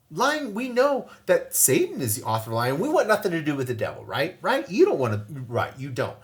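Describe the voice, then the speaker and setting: Animated man teaching the Bible. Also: a little high, moderate pace. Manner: emphatic, repeats points and asks rhetorical questions. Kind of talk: informal Bible teaching on parenting.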